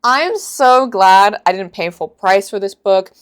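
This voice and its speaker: A woman's voice: medium pitch, unhurried, music in the background. A woman in her twenties giving casual, sarcastic commentary in a book reaction vlog, rambling and exasperated.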